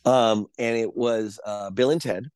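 Middle-aged man, low and dry, guest telling loose stories, lots of ums. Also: fairly even intonation, measured pace, a little mellow, clear, resonant tone, no echo. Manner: rambling anecdotes with fillers and restarts. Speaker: actor guest. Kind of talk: casual interview chat.

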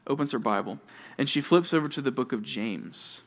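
A male youth pastor preaching to junior high students, telling stories with animation and talking straight to his listeners. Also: normal speed. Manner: animated storytelling, addresses listeners directly.

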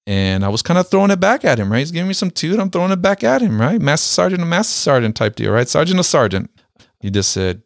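A man telling a personal story with a military background, speaking emphatically, repeating key phrases and slowing down to stress them. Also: lowish voice, lively intonation, vocal fry, no echo, studio quality. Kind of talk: motivational storytelling.

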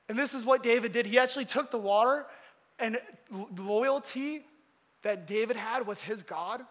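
A man giving a casual storytelling sermon, animated and slangy. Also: very high voice, normal speed. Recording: long hall reverb.

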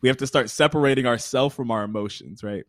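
A man's voice: medium pitch, fast, fairly bright tone, no echo, studio quality. Earnest young man giving advice. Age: 20s. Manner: earnest, explains with everyday examples. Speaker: podcast guest. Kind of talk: conversational interview.

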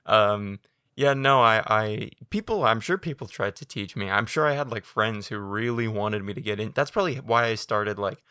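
A man's voice: fairly low pitch, moderate pace, sharp tone, smooth, no echo, clean studio sound. A man from the United States co-hosting a podcast, rambling in casual chat with a self-mocking manner and many fillers. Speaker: podcast co-host.

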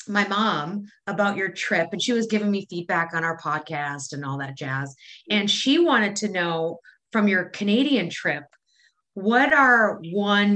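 Bright-voiced woman with a Wisconsin accent. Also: medium pitch. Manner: chatty, laughs easily. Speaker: podcast co-host. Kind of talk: casual chat.

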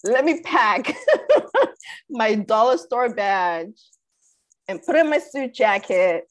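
A man's voice: high voice, animated, slow pace, a bit bright, full character voice. Brief: woman's send-up of a bumbling man in a debate, smug and sure of himself. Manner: earnest, self-assured, clueless. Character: boastful bumbling male political candidate.

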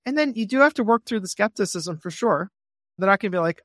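A man talking through his methods in an animated, friendly way, now and then slipping into a bright, upbeat voice to act out a phone call. His voice sits a little high. The recording is dry and close, with no room in it. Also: fast, dry recording. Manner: animated, acts out phone calls in a cheerful voice. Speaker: real estate investor guest. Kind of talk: podcast interview.

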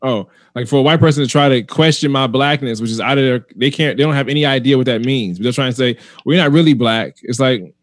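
A man's voice: medium pitch, fast talker, hardly any pauses, no room sound. Emphatic man in dry-sounding chat. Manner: emphatic, repeats himself as he argues. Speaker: comedian. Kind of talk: casual podcast chat.

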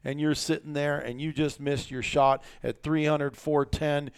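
A man hosting a casual podcast, telling a story in a blunt, profane, animated way. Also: a little high, measured pace, clean tone, no echo, clean studio sound. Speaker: podcast host.

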